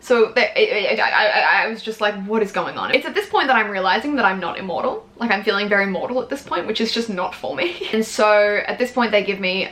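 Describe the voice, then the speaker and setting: A woman in her twenties tells a personal story straight to camera, frank and chatty, with the odd swear word. Her voice is bright and forward, and she talks at a quick clip, acting out what people said to her. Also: medium pitch, lively intonation. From Australia. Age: 20s. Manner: chatty, frank and swears freely, acts out her own quotes. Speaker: vlogger.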